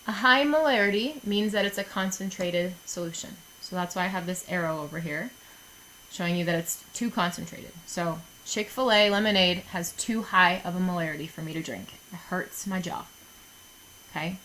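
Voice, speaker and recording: A woman's voice: fairly low pitch, moderate pace, fairly bright tone, slight background noise, low-quality recording. A woman chemistry teacher recording a lesson for her students, chatty and jokey, often checking in with "okay?".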